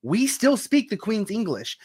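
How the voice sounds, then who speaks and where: A man's voice: high-pitched, wildly swooping pitch, measured pace, a little mellow, husky. A man in a livestream debate who keeps pressing with questions. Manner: questioning, persistent. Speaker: debate participant.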